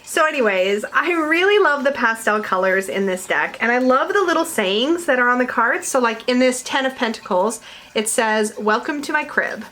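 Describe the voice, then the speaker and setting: A woman's voice: fairly high pitch, animated, normal speed, a bit bright. A woman in casual chat to camera, reviewing tarot decks at home, chatty and giggly, rambling with fillers. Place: home room with her dog nearby.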